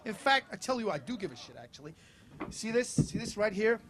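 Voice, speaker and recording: A man's voice: high voice, big pitch swings, fairly quick, background noise. A man doing a sleazy washed-up lounge crooner. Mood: sneering crooning. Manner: insulting the crowd while crooning a standard. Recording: live show with loud music and crowd. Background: music and audience laughter.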